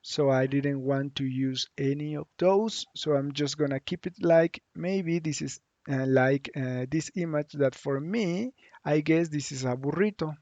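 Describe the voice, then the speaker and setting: A man from Mexico, teaching a lesson online and saying the model phrases slowly so learners can repeat them. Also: on the high side, a little mellow, dry recording, dull audio. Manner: slow, drawn-out model phrases for repeating aloud. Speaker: Spanish teacher.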